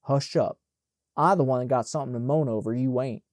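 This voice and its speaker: Man voicing a teenage servant boy, scolding, folksy dialect, dark tone, dry sound. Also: mid-range voice, a little fast, dry recording, close to an everyday voice. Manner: chiding, folksy Southern dialect.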